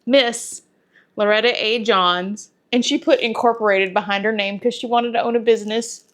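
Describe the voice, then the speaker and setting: A woman, chatting to camera as a home cooking vlogger, talkative and sentimental, her voice going soft when she is moved. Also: a little high, steady tone, normal speed. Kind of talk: casual talk to camera.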